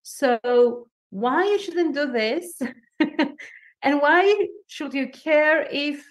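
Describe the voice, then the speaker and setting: Slow, high-pitched accented woman. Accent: foreign accent. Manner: animated, laughs often, emphatic repetition. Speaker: guest coach. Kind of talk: podcast interview.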